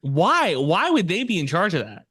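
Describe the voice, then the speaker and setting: A man's voice: high voice, wildly swooping pitch, moderate pace, pushed and bright, husky, no echo. A young man, co-hosting a sports podcast and firing back dry questions and remarks. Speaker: podcast co-host. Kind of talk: casual sports podcast chat.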